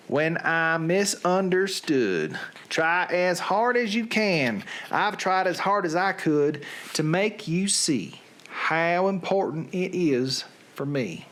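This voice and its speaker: A man putting on a thick Southern US accent, reading song lyrics in a slow, drawn-out, deadpan recital. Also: sits high, a little hiss or hum, voice pushed up, full character voice. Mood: drawling. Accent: Southern US, put on. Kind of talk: comic dramatic reading.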